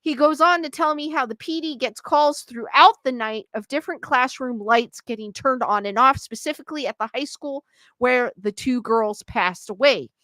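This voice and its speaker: A woman with a high, bright voice chats casually as she hosts, reading stories and comments aloud. She reacts freely and laughs often, and her recording sounds dry and close with no room around it. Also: moderate pace, no echo. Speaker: host reading viewer stories. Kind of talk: casual chat.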